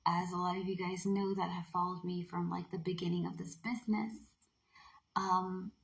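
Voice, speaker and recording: A playful, energetic woman talks through a tarot reading in a loose, chatty way. Her voice has a gravelly edge, and she keeps slipping into breathy half-whispers. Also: fairly low pitch, normal speed, low-quality recording. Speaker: tarot card reader. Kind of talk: casual spoken card reading.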